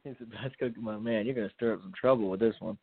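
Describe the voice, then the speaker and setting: A man's voice: lowish voice, fast talker, slight background noise. Laid-back young man on a phone line. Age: young adult. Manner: laid-back, lots of fillers. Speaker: college football player guest. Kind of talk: casual interview answers. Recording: dry tinny phone line.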